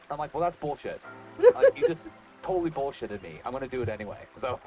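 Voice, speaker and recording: A man's voice: medium pitch, very animated, fast talker, warm tone, soft background music. A man chatting casually during a game stream, telling candid work stories and acting out the people in them. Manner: candid storyteller, acts out quoted people. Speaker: co-host. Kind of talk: casual chat while gaming.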